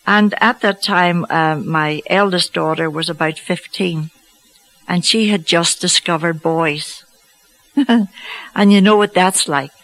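A woman telling a personal faith story to an audience, slow and reflective with gentle humour. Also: fairly low pitch, low-quality recording. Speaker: speaker giving a faith testimony.

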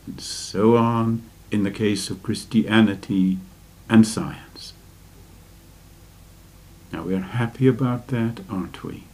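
A man giving a slow, deliberate spiritual lecture and asking his listeners rhetorical questions. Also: lowish voice, darkish tone. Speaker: religious teacher.

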